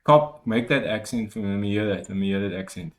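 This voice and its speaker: A man's voice: fairly low pitch, fast. Male host, Cape Malay accent, curious and inquisitive, casual chat. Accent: Cape Malay, Cape Town. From Cape Town, South Africa. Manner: curious, keeps asking questions. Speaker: podcast host.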